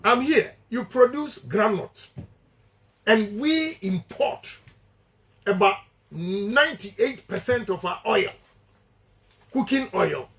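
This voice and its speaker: Speaking to supporters, a Ghanaian-accented politician gives a campaign speech, hammering his key points repeatedly in a declamatory style and moving between English and Twi. His high-pitched voice is expressive and a bit bright, slow with frequent pauses. The recording is rough.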